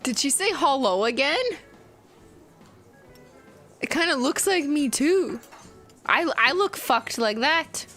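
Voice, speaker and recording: A Canadian woman streams a video game live, chattering in a bright, fairly high voice. She giggles often, swears freely and mimics the characters' lines. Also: animated, takes it slowly, long pauses, faint music behind.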